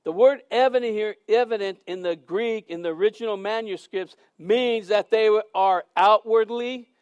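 Brief: male preacher, high voice, earnest, emphatic sermon delivery, dry close sound. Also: normal speed, smooth, no echo, dull audio. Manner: earnest, emphatic, repeats words as he speaks.

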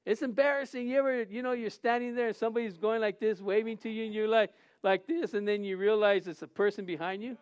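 A man's voice: sits high, steady tone, fast talker, hardly any pauses, clean tone. A man who is a pastor, preaching a sermon and telling a funny personal story, acting out the dialogue and laughing often.

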